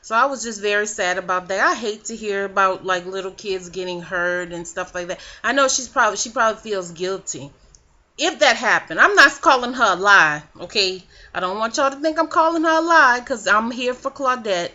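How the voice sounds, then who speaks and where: A woman's voice: mid-range voice, animated, fairly quick, bright, forceful tone. A woman vlogging a casual recap of a reality show, sassy and profane in her gossip. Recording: dull lo-fi webcam audio.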